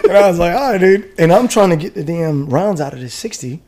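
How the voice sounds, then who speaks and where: A retired American Army veteran man telling a war story in casual chat, animated and profane, laughing often. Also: a little high, brisk. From United States.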